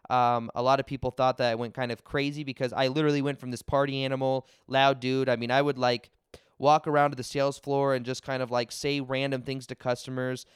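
A young man hosting a podcast, telling a personal spiritual story in an energetic, casual way with many fillers and restarts. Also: medium pitch, a little fast, clean tone, no room sound, studio quality. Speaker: podcast host. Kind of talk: personal spiritual talk to listeners.

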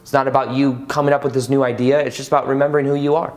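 A man's voice: medium pitch, level tone, racing, a little mellow. A young adult man hosting a spiritual video, speaking earnestly to the viewer with repeated, emphatic phrases. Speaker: spiritual YouTube host. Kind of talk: motivational spiritual talk to camera.

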